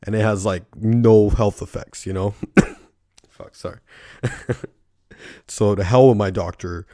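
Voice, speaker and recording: Young man, podcast host, low voice, dry close sound, loose rambling talk, constant swearing, laughs at his own stories. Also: slow pace, dark tone, dry recording. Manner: rambling, heavy swearing, filler "like" and "right?". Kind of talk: casual solo podcast monologue.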